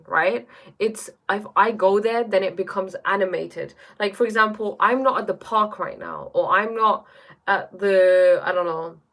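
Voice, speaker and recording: A woman hosting a casual live stream from her bedroom, reading chat aloud and musing reflectively, often checking in with "right?" and "you know?". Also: mid-range voice. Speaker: livestream host reading chat.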